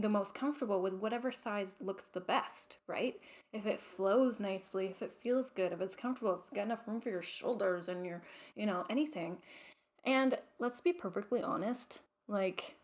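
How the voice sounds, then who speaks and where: A young adult woman hosts her own vlog, chatting casually to the camera with lots of fillers and restarts. Her voice is medium-pitched with a somewhat dark tone.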